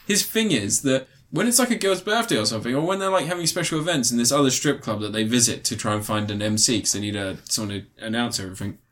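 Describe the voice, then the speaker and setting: Casual male co-host, rambling and profane, mid-pitched everyday voice. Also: animated, fast, few pauses, a bit bright. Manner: rambling, profane, laughs at own jokes. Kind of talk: casual crude film review chat.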